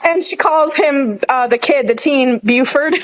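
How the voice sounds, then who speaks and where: A woman with a somewhat high voice retells scenes with animated energy and frequent laughter. She is one of two hosts in a casual podcast recapping a TV show. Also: unhurried, low-quality recording. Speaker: podcast co-host.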